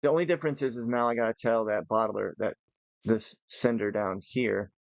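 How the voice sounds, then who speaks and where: A man's voice: on the low side, fairly even intonation, brisk, vocal fry, dry recording, lo-fi sound. A tired man giving casual, rambling commentary while playing a modded building game, thinking aloud as he goes. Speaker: gaming channel host.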